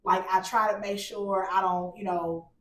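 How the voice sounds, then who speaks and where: A woman co-hosting a casual marriage chat, animated and getting louder when she's passionate. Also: mid-range voice, moderate pace. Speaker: podcast co-host. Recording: roomy echo.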